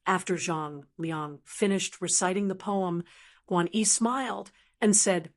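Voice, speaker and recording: A woman narrating an audiobook in an even, measured reading. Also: lowish voice.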